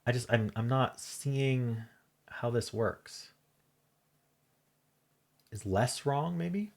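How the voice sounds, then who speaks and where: A man thinking aloud as he solves a crossword, muttering in halting self-talk with half-voiced asides. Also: medium pitch, expressive, vocal fry. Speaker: crossword solving channel host. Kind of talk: thinking aloud while solving a puzzle.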